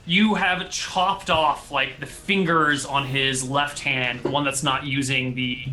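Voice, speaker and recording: Bright-voiced man running a tabletop game. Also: mid-range voice, fairly even intonation, slow pace, echoey room, slight background noise. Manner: casual, amused, vivid gross narration. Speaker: dungeon master.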